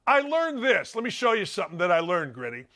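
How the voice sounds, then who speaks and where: A man in his sixties hosting a sports talk show, rambling through emphatic, animated stories and opinions. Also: sits high, fairly quick. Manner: loud, rambling, emphatic storytelling.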